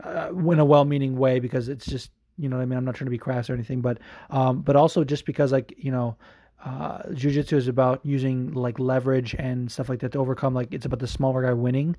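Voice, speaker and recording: A man's voice: mid-range voice, fairly even intonation, fast, dark tone, no room sound. Rambling casual podcast man, dry sound. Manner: rambling, many fillers, swears. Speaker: podcast host. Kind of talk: casual chat.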